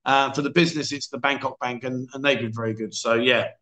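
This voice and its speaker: A man's voice: mid-range voice, fairly even intonation, fast, bright, forceful tone. A man hosting a casual livestream chat show, reading out viewer comments in a chatty, self-deprecating way. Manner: chatty, self-deprecating, frequent restarts and "mate". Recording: echoey room.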